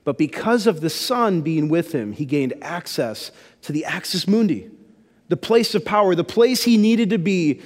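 A man's voice: on the high side, a little mellow, long reverb tail. A man pastor giving a sermon in a casual, conversational storytelling way.

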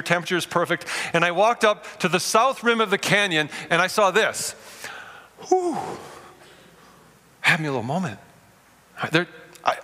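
A man in his forties preaching a sermon to a live audience, telling stories in an animated way and speaking to them directly. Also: on the high side. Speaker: pastor. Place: large room before a live audience. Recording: long reverb of a large hall.

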